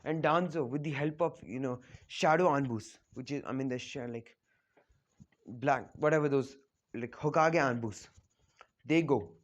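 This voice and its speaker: A man's voice: medium pitch, a little slow. A man casually retelling a fan story, rambling with lots of fillers and frequent self-corrections.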